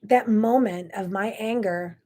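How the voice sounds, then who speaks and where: A woman's voice: medium pitch, unhurried, darkish tone. A middle-aged woman hosting a talk show, telling a personal story in an earnest, emotional way with many asides. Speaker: host.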